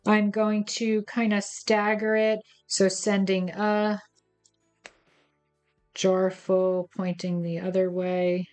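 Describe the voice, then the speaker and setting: A woman's voice: mid-range voice, level tone, slow pace, darkish tone, clear, resonant tone, soft background music. A woman hosting a craft tutorial, chatty and playful as she talks viewers through each step. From United States. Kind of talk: casual step-by-step craft demonstration.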